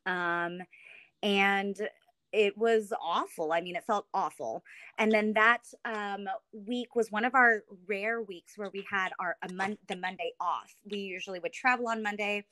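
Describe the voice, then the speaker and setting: Bright-voiced woman telling a lively story. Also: a little slow, dry recording. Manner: animated storyteller, acts out quotes with big pitch jumps; many fillers and restarts. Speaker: podcast guest, actress. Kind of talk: casual storytelling chat.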